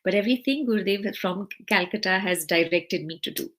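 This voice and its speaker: A woman's voice: medium pitch, fairly quick, fairly bright tone. A young woman telling a heartfelt personal story about her teacher, acting out the dialogue. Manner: earnest, heartfelt, acts out quoted dialogue. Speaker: guest sharing devotee stories.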